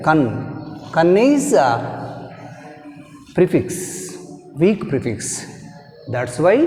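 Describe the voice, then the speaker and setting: A man's voice: on the high side, a little mellow. A man teaching an online English grammar lesson with a Telugu accent, repeating each word aloud and switching into Telugu to explain. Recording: echoey room with faint noise.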